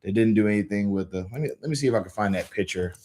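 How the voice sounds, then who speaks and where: A man's voice: on the low side, racing, dark tone, a little hiss or hum. A man hosting a live stream, chatting casually about comics in a rambling, laid-back way with lots of fillers and restarts. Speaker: livestream host reading comics aloud. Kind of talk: casual livestream chat.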